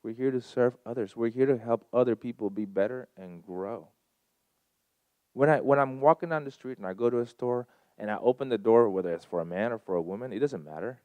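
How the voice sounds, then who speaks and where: An earnest man in his thirties shares a personal testimony, stacking short repeated phrases for emphasis. His voice sits at a middle pitch and is picked up dry and close on a handheld mic. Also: a little fast, dry recording, lo-fi sound. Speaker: guest speaker at a Sunday service.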